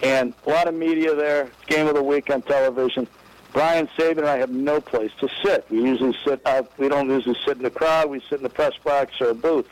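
A man's voice: mid-range voice, fairly quick, low-quality recording. A baseball executive telling an anecdote in an interview, acting out the voices of the people he quotes. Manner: lively storyteller, acts out quoted voices.

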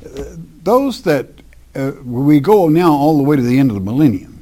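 A man's voice: on the high side, big pitch swings, normal speed, mellow. A man preaching a verse-by-verse Bible teaching, reading scripture aloud and explaining it emphatically in plain words with asides.

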